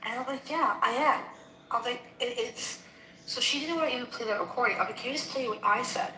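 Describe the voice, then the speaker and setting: A woman in casual, heated conversation, animated and indignant, acting out both sides of a quarrel she is retelling. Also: fairly high pitch, fast. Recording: echoey room with faint noise.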